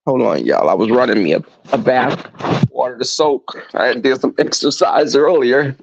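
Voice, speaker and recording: With a creaky mid-range voice at normal speed and no echo, a man hosts a casual livestream from home. He entertains viewers with animated, profane, campy storytelling. The recording is dry, dull and lo-fi.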